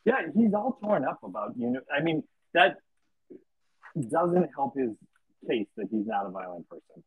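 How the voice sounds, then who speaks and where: A man's voice: medium pitch, normal speed, slightly rough, no room sound. Teasing man on a tinny line. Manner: teasing, animated banter. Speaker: podcast co-host. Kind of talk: casual recap chat. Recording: dry tinny phone-like line.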